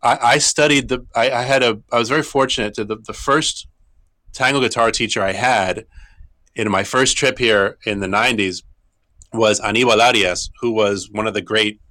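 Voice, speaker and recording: A man's voice: lowish voice, fairly even intonation, moderate pace, sharp tone. A middle-aged man, a tango guitarist and teacher, answering interview questions thoughtfully with frequent restarts.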